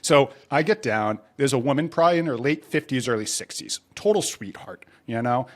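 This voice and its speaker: A man guesting on a podcast, telling a self-mocking story in a casual, animated way. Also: medium pitch, fairly quick.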